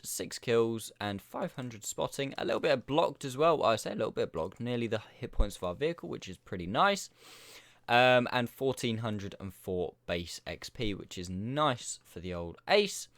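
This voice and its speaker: A man's voice: mid-range voice, very animated, moderate pace, a bit bright, dry recording. A man giving chatty, upbeat and self-mocking commentary over his own game footage as a gaming YouTuber. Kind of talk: gameplay commentary.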